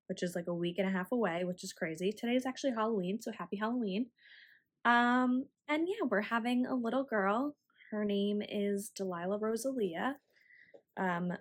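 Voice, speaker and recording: Chatty woman around 30 knitting. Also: mid-range voice. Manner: chatty and rambling, with frequent ums. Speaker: knitting vlogger. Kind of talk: casual chat.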